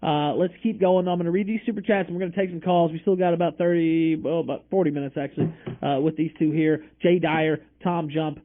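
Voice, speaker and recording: A man's voice: a little high, steady tone, fairly quick, hardly any pauses. A man hosting a live debate show, moderating loosely and reading out viewer messages in an easygoing way. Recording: tinny call-quality audio.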